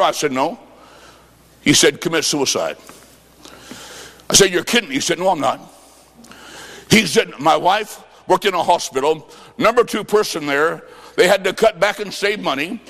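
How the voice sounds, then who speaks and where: A fervent evangelist from Illinois, United States, preaches a revival sermon in a big hall, where his fairly high voice rings out with a long echo. He shouts his points, tells stories through quoted dialogue, and sometimes stretches words nearly into song.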